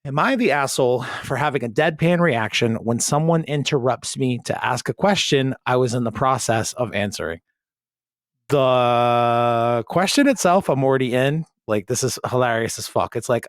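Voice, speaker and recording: A man's voice: mid-range voice, lively intonation, normal speed, no echo, clean studio sound. A man hosting a podcast in casual comedic chat, reading a post aloud with sarcastic, profane asides. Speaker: podcast host.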